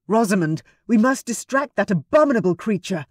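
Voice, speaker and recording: Woman voicing an anxious young gentleman. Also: lowish voice, expressive, unhurried, dry recording, studio quality. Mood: urgent. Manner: urgent calls.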